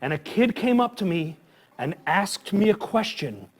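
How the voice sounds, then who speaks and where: A man hosting a live children's story time, talking with animated energy and calling out questions for the kids to answer. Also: high voice, unhurried, breathy edge. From Midwest farm upbringing. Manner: animated, call-and-response with children. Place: public library event with a live audience.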